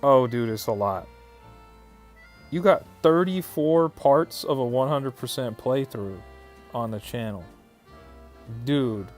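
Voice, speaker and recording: A man hosting a livestream, reading viewer messages aloud and answering them in a loose, conversational way. His voice sits at a middle pitch, and he often stops to restart a sentence or fill a pause. Soft music plays faintly behind him. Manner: reads viewer chat aloud and answers casually, many fillers and restarts. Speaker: livestream host. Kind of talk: casual livestream chat.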